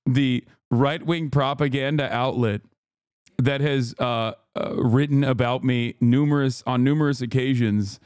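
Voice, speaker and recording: A man's voice: medium pitch, steady tone, unhurried, a little mellow, clear, resonant tone, no room sound, studio quality. Sarcastic swearing male streamer. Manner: sarcastic, profane, mock-angry. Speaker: streamer reacting to clips. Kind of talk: live-stream commentary.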